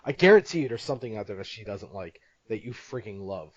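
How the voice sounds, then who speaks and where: A man's voice: on the low side, expressive, quick pace, dry recording, highs cut off. A man hosting a podcast in casual chat, rambling and joking, laughing often at his own stories. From Italian-American family. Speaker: podcast host.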